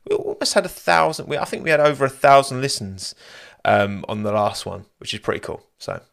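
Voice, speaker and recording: A man's voice: mid-range voice, animated, fairly quick, creaky, fairly bright tone. A young man hosting a live-streamed podcast, chatting casually and rambling, often laughing at his own asides. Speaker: podcast host.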